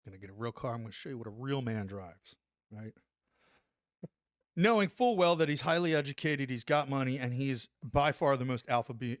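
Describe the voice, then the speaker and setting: A man in his forties, an army veteran guest on a podcast, telling an animated story and tagging lines with "right?". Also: mid-range voice, no echo, studio quality. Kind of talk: casual storytelling anecdote.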